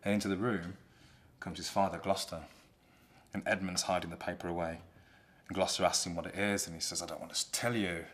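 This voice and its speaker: A man retelling a play in a relaxed, conversational way. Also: low voice, fairly quick. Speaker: storyteller.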